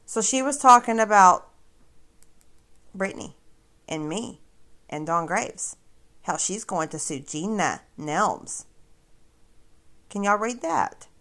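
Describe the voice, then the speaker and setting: Woman livestream host with a sarcastic, mocking edge and a lively, swinging pitch; casual talk aimed straight at viewers. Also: slow pace, long pauses.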